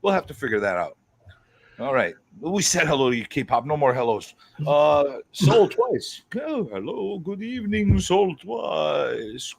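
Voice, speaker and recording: A man hosting a casual livestream chat, greeting viewers in a quick, excitable, profane way. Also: on the high side, creaky, slightly rough. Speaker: host.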